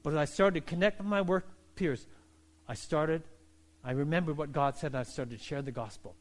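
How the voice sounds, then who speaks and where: Pastor, male, middle-aged, high voice; fervent sermon delivery, calm then loud. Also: a little fast. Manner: builds from calm teaching to loud, fervent preaching.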